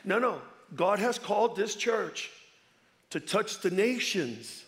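A man in his fifties from Chicago preaching a sermon as a visiting pastor. His voice sits high for a man, and he keeps it lively and playful, urging the congregation to answer him. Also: slow pace. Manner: energetic, playful, calls for audience response. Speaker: guest pastor.

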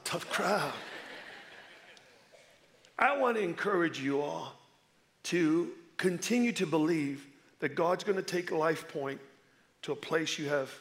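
A man in his fifties from Chicago, a guest pastor preaching in an energetic, playful way and calling on the congregation to answer back. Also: on the high side. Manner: energetic, playful, calls for audience response. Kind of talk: sermon.

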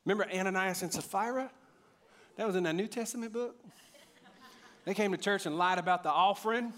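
A pastor in his thirties preaching a sermon, animated and jokey, rising to loud emphatic peaks. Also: high voice, a little fast, pauses often.

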